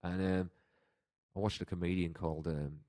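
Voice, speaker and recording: A man with an Irish accent talks in a relaxed, rambling way, breaking into laughter often. His voice sits very low. The sound is dry and close, with no room around it. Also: moderate pace, no echo. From Ireland. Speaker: guest. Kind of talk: casual chat.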